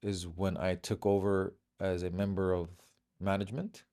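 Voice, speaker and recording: A man's voice: sits low, little pitch movement, normal speed, warm tone. A middle-aged man from Bahrain, a comedian guest telling stories in casual chat and acting out the voices of people he quotes.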